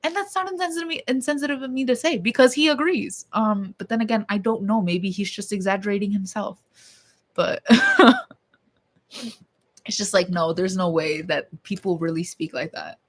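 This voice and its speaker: A woman's voice: medium pitch, normal speed. A young woman vlogging at home, talking casually to her viewers in a rambling, blunt way and swearing freely. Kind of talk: casual rambling chat to camera.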